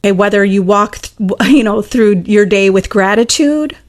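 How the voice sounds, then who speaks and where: A woman's voice: medium pitch, normal speed. A woman teaching as a manifestation coach in a casual monologue, earnest and emphatic, repeating her key points and answering viewer questions.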